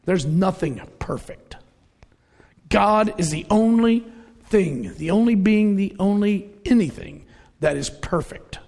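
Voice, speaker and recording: A man's voice: high-pitched, lively intonation, a little slow, gravelly, darkish tone. A middle-aged man preaching a conversational sermon, telling everyday stories and acting out the voices in them. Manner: conversational, storytelling, acts out quoted voices. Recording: reverberant hall.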